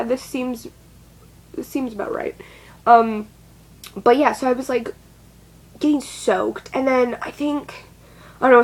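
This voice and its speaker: A woman's voice: on the high side, low-quality recording. A young adult woman telling a personal story in a casual, rambling way, swearing often and filling with "like". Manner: rambling, swears a lot, frequent "like" fillers. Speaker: vlogger.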